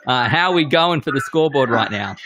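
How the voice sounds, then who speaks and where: A man's voice: medium pitch, expressive, fairly quick, sharp tone. A man hosting a casual whisky game show, loose and self-deprecating.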